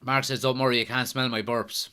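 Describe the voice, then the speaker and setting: A man's voice: medium pitch, little pitch movement, fairly quick, bright, forceful tone, clean tone. An Irish man hosting a live football watchalong stream, chatting casually, reading out viewer comments and answering them. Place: at home.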